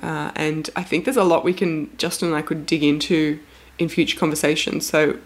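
A woman's voice: sits low, level tone, moderate pace. A woman hosting a casual podcast chat, talkative and laughing often, a little spaced out. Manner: chatty, laughs often, reads listener offers. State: a little medicated, sounds spaced out. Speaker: podcast host.

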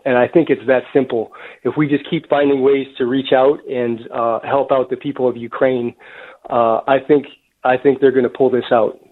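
A man who is a town mayor, speaking earnestly as a phone-in guest on a radio show, with many fillers. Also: mid-range voice. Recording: tinny phone line.

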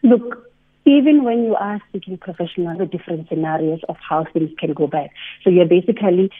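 A woman psychologist explaining on a radio show over the phone, animated, acting out inner voices. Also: lowish voice, fairly quick. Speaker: psychologist guest. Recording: tinny phone line.

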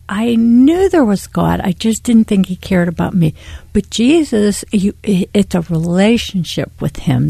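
A woman tells her faith story as a guest, earnest and heartfelt, often close to tears. Her voice is husky with a gravelly edge and a dark, mellow tone. The sound is dry and close. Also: medium pitch, no room sound. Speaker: guest sharing a faith testimony. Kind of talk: emotional personal testimony.

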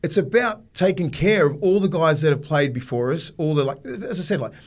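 Fast-talking, blunt Australian man in his forties. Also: fairly high pitch. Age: 40s. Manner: blunt, swears freely, fast and animated storytelling. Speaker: guest, former rugby league player. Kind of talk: casual podcast chat.

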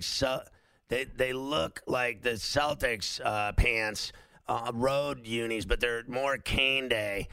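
Gravelly, bright-voiced sports radio host. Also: male voice, mid-range voice, no room sound. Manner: animated, rambling, lots of fillers. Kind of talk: casual sports talk.

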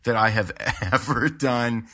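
A man with a medium-pitched, sharp voice takes his time as he chats casually. He's a pastor and podcast co-host, wandering through a story with lots of fillers and restarts.

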